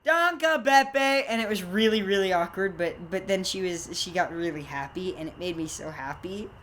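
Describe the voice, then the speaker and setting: A woman's voice: fairly low pitch, steady tone, fairly quick, a little hiss or hum. A young woman co-hosting a comedy podcast, telling silly stories in a playful, rambling way. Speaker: podcast co-host. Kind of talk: casual comedic chat.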